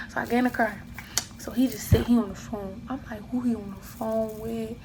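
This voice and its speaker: Talking to the camera in a casual vlog, a young woman relates something that happened to her and plays both sides of the argument herself. She speaks briskly with fairly even intonation, her slightly high voice edged with gravel, over a faint background hiss.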